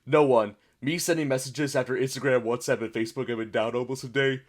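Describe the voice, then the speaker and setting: A young American man hosts a casual meme reaction video, chatting and reading captions aloud. His voice sits at an ordinary middle pitch, and he often stops to wonder out loud what a joke means. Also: steady tone, fast talker. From United States. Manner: chatty, puzzled, reads captions aloud, bursts of laughter. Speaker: YouTube reaction host.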